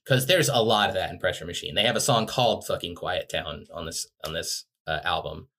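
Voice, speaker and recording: A man's voice: low voice, fairly quick, fairly bright tone. A man co-hosting a podcast, chatting casually with frequent swearing and wry jokes. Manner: profane, wry. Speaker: podcast co-host. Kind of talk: casual chat.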